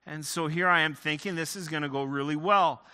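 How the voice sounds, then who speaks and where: A man's voice: a little high, fairly quick, bright, forceful tone, long reverb tail. A man from Ontario, a pastor preaching a sermon, telling a personal story in a conversational way with frequent restarts. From Ontario, Canada.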